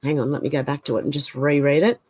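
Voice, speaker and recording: A woman chats casually on a livestream, reading out viewer comments. Her voice sits low, and she thinks aloud with hesitant asides and fillers. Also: quick pace, a little mellow, husky. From Australia.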